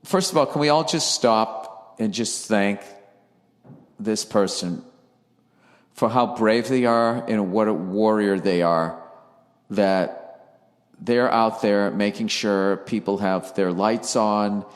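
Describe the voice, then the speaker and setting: A man's voice: lowish voice, takes it slowly. Man ranting profanely in an echoey attic. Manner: profane, rambling, sarcastic. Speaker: podcast host. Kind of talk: casual solo podcast monologue. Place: attic of a house.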